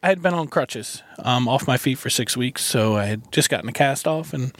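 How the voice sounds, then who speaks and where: A man's voice: mid-range voice, lively intonation, normal speed. A man in casual conversation, telling a personal story in an earnest, folksy way, recorded in a parked van. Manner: earnest, folksy, laughs between lines. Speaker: guest.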